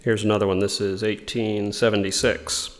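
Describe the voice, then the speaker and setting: A man with a fairly low voice teaches an informal religious lesson. He explains his ideas thoughtfully and reads passages aloud, and his voice carries a long reverb. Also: flat delivery, normal speed.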